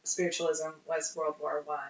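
With a deep voice and a moderate pace, she co-hosts a podcast, sharing history in a lively, informal chat peppered with ums and uhs. The recording has a roomy, dull lo-fi character.

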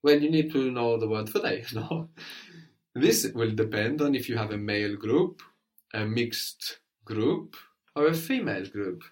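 A man's voice: mid-range voice, animated, unhurried. A man teaching a language lesson, patiently prompting his student with questions and often checking with "no?".

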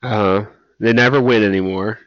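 A man's voice: on the low side, steady tone, normal speed, no echo. A man co-hosting a casual wrestling podcast, giving brief, agreeable replies. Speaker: podcast co-host. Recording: dull dry podcast audio.

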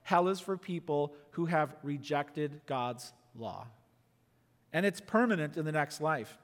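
A man preaching a sermon in an earnest, emphatic way, often dropping to a quiet, intense tone. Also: fairly high pitch, lively intonation, unhurried, long reverb tail. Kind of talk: sermon teaching.

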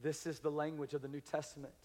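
A man preaching a sermon as pastor, building up to loud, emphatic calls and then dropping to quiet, intimate passages. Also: on the high side, flat delivery, quick pace, big-room sound. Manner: preaching with rising, shouted emphasis. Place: large church sanctuary.

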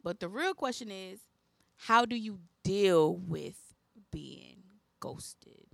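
A woman's voice: medium pitch, lively intonation, slow pace, gravelly, a bit bright, no room sound. A woman co-hosting a podcast in casual chat, musing through her point. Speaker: podcast co-host.

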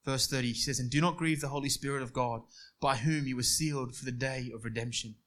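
A man preaching a sermon, moving between quiet storytelling and emphatic passages. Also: mid-range voice, steady tone, fast talker.

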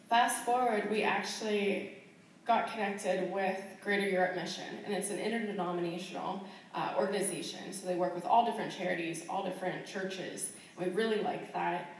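A woman of medium pitch tells the story of her missionary calling in a church hall, chatting along with plenty of fillers and laughs. The mic is distant, the room very echoey, and there's a little hiss or hum.

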